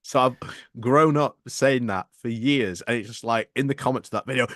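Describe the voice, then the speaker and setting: A man's voice: mid-range voice, moderate pace, fairly bright tone, dry recording, clean studio sound. A man with a Yorkshire accent co-hosting a casual live stream, agreeable and chuckling along. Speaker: co-host.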